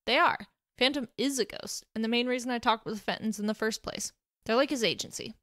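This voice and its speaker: A woman's voice: a little high, brisk, fairly bright tone, no room sound, studio quality, close to an everyday voice. A woman voicing an awkward, nervous young man who drives and hides a secret, apologetic and a bit too eager.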